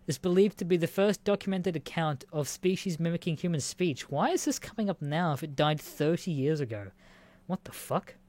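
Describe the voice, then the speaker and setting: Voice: mid-range voice, darkish tone, no echo. A speaker reading out odd news stories and reacting with incredulous, laughing, swearing asides. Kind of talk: casual reaction commentary.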